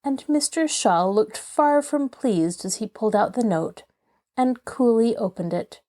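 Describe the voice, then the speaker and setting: A woman narrates a classic novel in a measured, expressive way. Her voice is dark and mellow, at an ordinary pitch for a woman. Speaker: host and audiobook narrator. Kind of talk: scripted narration.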